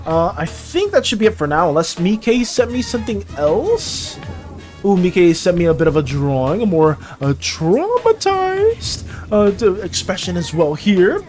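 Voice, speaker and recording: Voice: medium pitch, sing-song, normal speed, darkish tone, faint music behind. An art streamer chatting casually with viewers during a live stream, full of playful mock outrage and chatty filler.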